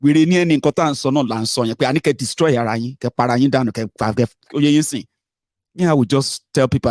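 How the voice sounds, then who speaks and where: Talking very fast at a medium pitch, a man with a Nigerian Yoruba accent hosts a fiery political commentary show. His slightly mellow voice berates and ridicules listeners in a mix of English, Pidgin and Yoruba. The studio-quality recording is dry.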